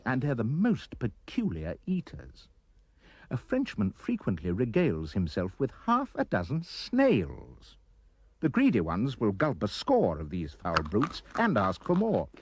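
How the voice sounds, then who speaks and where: A man reading a rhyming children's poem aloud with expressive, sing-song delivery. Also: medium pitch, unhurried, husky. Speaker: reader.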